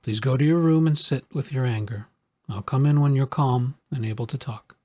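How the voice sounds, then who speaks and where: A man voicing a patient, gentle grandfather in a husky voice. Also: mid-range voice, moderate pace, close to an everyday voice.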